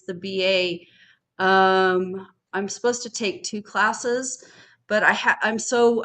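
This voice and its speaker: Panelist, woman, bright tone, blunt casual talker with frequent cursing. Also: medium pitch. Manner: blunt and swears freely, frustrated storytelling. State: studying for a master's degree. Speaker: podcast panelist. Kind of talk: casual chat.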